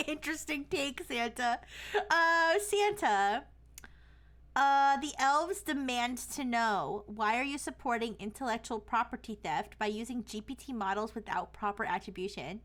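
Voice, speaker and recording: A woman's voice: fairly high pitch, unhurried, a bit bright. A young woman streamer chatting casually, with a lot of "like" fillers. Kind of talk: casual chat.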